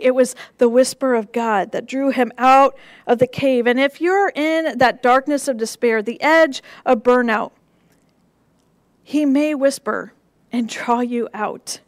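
High-voiced woman preaching a sermon. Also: no echo. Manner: gentle, measured preaching with soft dips for emphasis; repetitive, rhythmic phrasing. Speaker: pastor.

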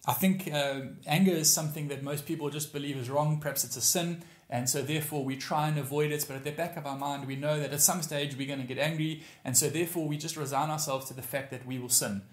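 A man's voice: a little high, steady tone, fast talker, few pauses, echoey room. A man preaching a sermon as pastor, stressing and repeating key phrases.

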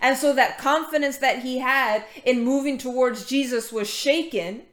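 A woman with a high voice speaks at a moderate pace, preaching a casual sermon in an echoey room. She reads scripture and chats informally, full of fillers and restarts, and greets latecomers in the middle of her talk.

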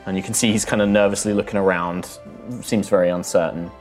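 Low-voiced man running a tabletop game. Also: fairly even intonation, a little mellow, faint music behind. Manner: halting narration with many fillers. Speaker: game master.

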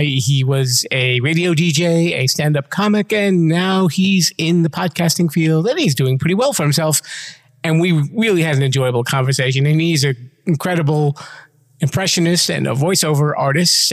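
A male podcast host with a fairly high voice, chatty and full of playful asides. His voice trails off into a long reverb. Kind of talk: casual interview chat.

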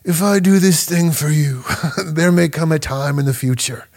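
An aging mafia boss as a man puts him on, murmuring in a hushed, slow, deliberate voice. He sounds calm and quietly menacing, and his voice sits a little higher than the speaker's own. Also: gravelly.

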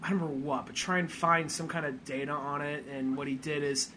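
Casting: male podcast co-host, bright edgy tone, rambling and profane. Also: fairly high pitch, steady tone, brisk, a little hiss or hum. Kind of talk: casual chat.

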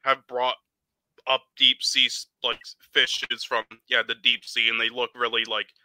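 A man co-hosting a casual podcast, talking haltingly with many fillers. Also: mid-range voice, level tone, bright, forceful tone, a little hiss or hum, rough recording. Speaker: podcast co-host.

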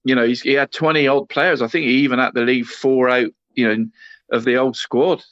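A man's voice: mid-range voice, level tone, brisk, fairly bright tone, no echo. A talkative man co-hosting a football podcast. He rambles in a loose, easygoing way and keeps dropping "mate" into his sentences. The recording is dry and a little dull, as if from a budget mic. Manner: rambling, says "mate" constantly, laughs often. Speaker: podcast co-host. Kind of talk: casual football podcast chat.

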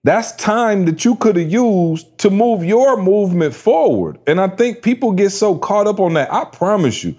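A man's voice: high-pitched, big pitch swings, moderate pace, few pauses, a little mellow. Laid-back joking podcast co-host man. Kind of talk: casual chat.

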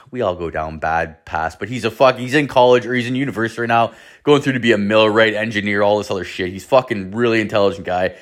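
A young man hosting a podcast, telling a story in casual chat, rambling and swearing heavily. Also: lowish voice. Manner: heavy swearing, rambling and animated. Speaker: podcast host.

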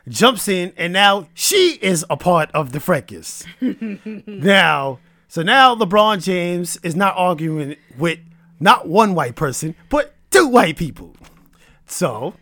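A man hosting a podcast, telling a story in a casual, animated and preachy way. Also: a little high, dry recording. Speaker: podcast host.

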